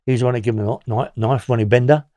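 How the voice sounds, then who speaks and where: A man's voice: medium pitch, fairly even intonation, very fast, mellow, no room sound. A man, a former prisoner telling rambling stories in an interview, swearing and laughing as he goes. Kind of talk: storytelling interview.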